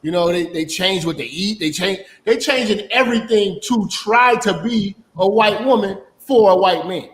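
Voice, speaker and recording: A man speaking as a panelist on a livestream, slow, deliberate and profane. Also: high voice, a bit bright. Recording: echoey room.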